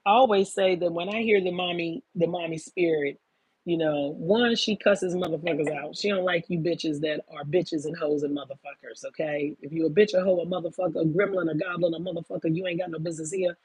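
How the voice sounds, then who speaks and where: Woman in her fifties, husky low voice, swears a lot and keeps saying baby, dry sound. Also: fairly even intonation, a little fast, a little mellow, no room sound. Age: 50s. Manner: profane, emphatic, calls listeners baby. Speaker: spiritual talk host. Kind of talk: casual spiritual monologue.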